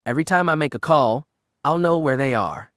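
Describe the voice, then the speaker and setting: A man doing a gruff, terse bounty hunter. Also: on the high side, fairly quick, fairly bright tone, dry recording, clean studio sound, lightly acted.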